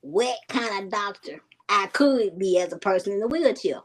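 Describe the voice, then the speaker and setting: A woman's voice: mid-range voice, expressive, normal speed. A young woman from Alabama with a Southern accent, chatting folksily as a comedian guest on a podcast. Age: young adult. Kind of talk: podcast interview.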